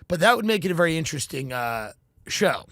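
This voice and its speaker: Lively, bright-voiced male comedy podcaster. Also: on the high side, a little fast, no room sound, studio quality. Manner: animated, riffing, acts out imagined speeches. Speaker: podcast host. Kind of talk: comedic monologue with impressions.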